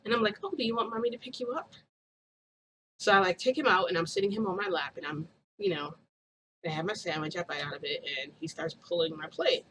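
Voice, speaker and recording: Woman vlogger, casual storytelling, bright and forceful tone, rambly with fillers, faint noise underneath. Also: fairly low pitch, quick pace, rough recording. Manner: rambling, laughs often, many fillers.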